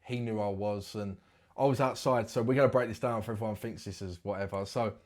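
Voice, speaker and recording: Young male guest, quick and a bit low, casual slangy storyteller. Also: steady tone, darkish tone. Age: 20s. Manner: rambling storytelling with British slang. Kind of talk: casual interview chat.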